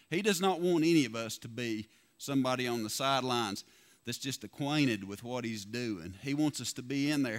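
A man preaching a sermon, folksy and lively, asking the congregation rhetorical questions. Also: medium pitch. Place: church.

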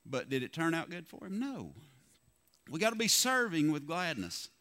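A man preaching a sermon, folksy and lively, asking the congregation rhetorical questions. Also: fairly high pitch, moderate pace. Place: church.

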